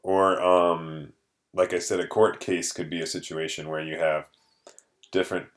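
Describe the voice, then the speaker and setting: A deep-voiced male teacher talks his students through a vocabulary lesson. He explains patiently, pausing on ums and uhs as he goes. His tone stays plain and instructive throughout. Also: level tone.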